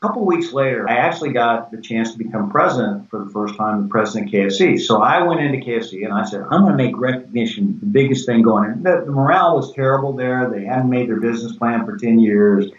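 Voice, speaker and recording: A man's voice: medium pitch, fast, hardly any pauses. An older man talks through business anecdotes and slips into the voices of people he quotes. He sits back from the microphone, and the room gives his voice a roomy echo. The recording sounds a little dull. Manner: animated anecdotes with quoted dialogue. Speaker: guest, former company president. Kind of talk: conversational storytelling. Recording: echoey, distant, dull sound.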